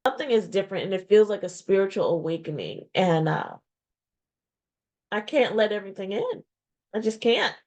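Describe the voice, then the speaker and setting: A woman in her forties, a small business owner, talks candidly into a webcam. She is reflective and heartfelt, pausing often and repeating phrases. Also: medium pitch, animated, darkish tone. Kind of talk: candid personal vlog talk. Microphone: webcam or video-call mic.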